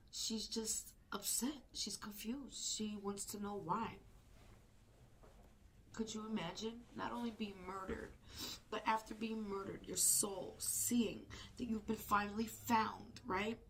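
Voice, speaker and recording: A woman co-hosting a live stream reaction, talking intensely and emotionally, often sinking into a hushed whisper. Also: mid-range voice, a little hiss or hum.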